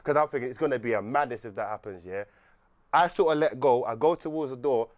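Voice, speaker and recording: A young man telling a rambling, animated story on a podcast, laughing often and restarting his sentences. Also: medium pitch, quick pace. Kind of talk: casual storytelling chat.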